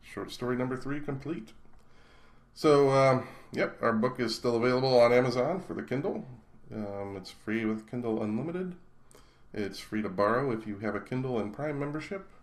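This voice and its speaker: A man's voice: medium pitch, moderate pace. A man reading his own short story aloud in a casual, unpolished way, stumbling and correcting himself. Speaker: author and reader.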